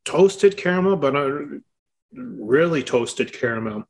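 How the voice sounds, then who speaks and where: A man co-hosting a casual podcast, talking in a relaxed, halting way with many restarts. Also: on the high side, creaky, breathy edge. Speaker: podcast co-host.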